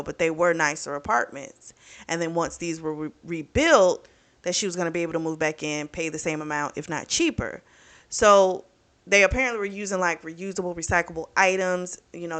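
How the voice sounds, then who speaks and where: A woman with a bright, forward voice retells a book's plot in a loose, animated way. She fills her talk with "like" and "you know" and swears freely as she recaps. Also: on the low side. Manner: chatty, profane, animated retelling with lots of fillers. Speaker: book reviewer. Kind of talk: casual book recap.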